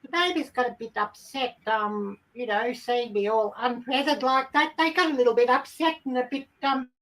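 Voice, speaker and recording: A woman's voice: on the high side, normal speed, fairly bright tone, distant mic, close to an everyday voice, poor audio. P P Fowl, a woman doing a giddy hen. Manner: rambling, giddy, full of ums. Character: excitable chatty female hen. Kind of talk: comic character monologue.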